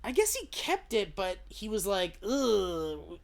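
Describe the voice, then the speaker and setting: A man's voice: sits high, huge pitch swings, moderate pace. A man chatting casually while live-streaming a video game, rambling, joking and swearing freely as he talks to his chat. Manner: rambling, profane, jokey.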